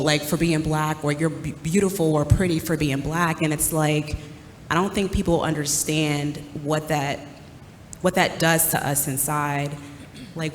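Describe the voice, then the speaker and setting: Earnest low-voiced woman in a reverberant hall. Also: a little hiss or hum. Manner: earnest, emotional, voice rising as she grows upset. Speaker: panel speaker. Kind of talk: personal testimony. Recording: reverberant hall with faint ambience.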